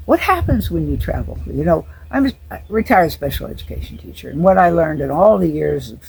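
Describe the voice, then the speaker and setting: A woman's voice: sits low, sing-song, brisk, creaky, a little mellow, slight background noise, poor audio. An older woman, a retired teacher, talks through her thoughts in an earnest, musing monologue and often stops to repeat a word. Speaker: retired special education teacher. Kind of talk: reflective monologue.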